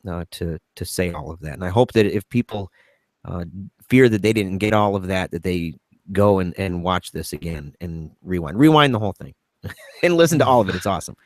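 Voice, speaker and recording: A man co-hosting a talk show, speaking earnestly and haltingly about a hard family matter, at times tearful. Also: low-pitched, expressive, no room sound, studio quality. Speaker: co-host. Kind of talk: emotional personal talk on a podcast.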